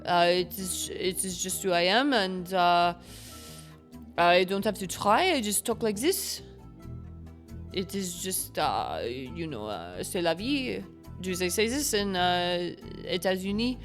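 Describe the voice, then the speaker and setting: A woman voicing a pompous, well-traveled jet-setter who puts on French airs and speaks in a haughty, halting way, dropping in French phrases. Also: on the low side, animated, soft background music. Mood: snooty.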